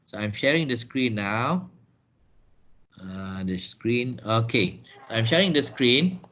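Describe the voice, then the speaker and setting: A man teaching an online lesson over a video call. He talks slowly, checks in with "yeah?" and "right?", and often repeats and restarts words. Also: medium pitch, lively intonation, a bit bright. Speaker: English teacher.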